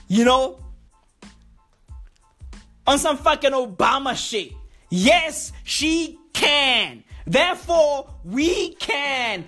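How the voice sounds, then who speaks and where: A high-pitched woman delivers a profane comedic rant, slow and deliberate, leaning on slang tags and mock-serious emphasis. Faint music plays underneath. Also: a bit bright.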